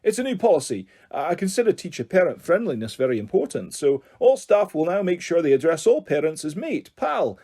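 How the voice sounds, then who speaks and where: A man's voice: on the high side, sing-song, brisk, few pauses, dark tone, breathy edge, heavily acted. A man voicing a flustered, stammering headteacher who talks in a hurry, in an audiobook. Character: flustered headteacher with a boy inside, hurried. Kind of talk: audiobook character voice.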